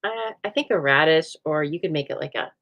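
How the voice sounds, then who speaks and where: A woman's voice: low-pitched, lively intonation, fairly quick, dull audio. A woman hosting a live stamping demonstration, chatting playfully and answering viewer comments as she works. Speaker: craft show host. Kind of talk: live stamping demo chat.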